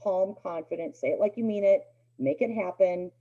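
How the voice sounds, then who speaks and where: A woman's voice: medium pitch, moderate pace. A middle-aged woman giving a dog obedience lecture in a conversational way, with many fillers and restarts. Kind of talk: recorded class lecture. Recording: dull lo-fi recording.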